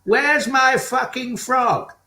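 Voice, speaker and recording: A man playing an indignant complainer with a slow, deadpan, crude delivery on a video call. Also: extremely high pitch, roomy sound, full character voice. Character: indignant man complaining about chocolate bars. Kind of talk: improv comedy character.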